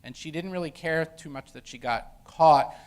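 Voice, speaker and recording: A man's voice: fairly high pitch, normal speed, clear, resonant tone. A middle-aged man, an education professor, telling a story from his teaching days in a casual lecture style with many fillers and restarts. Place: university lecture room.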